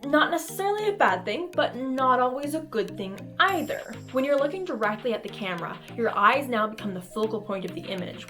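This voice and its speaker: A woman's voice: fairly high pitch, fairly bright tone. A woman hosting a casual cosplay tutorial, talking to the camera in a playful, goofy way and acting out expressions.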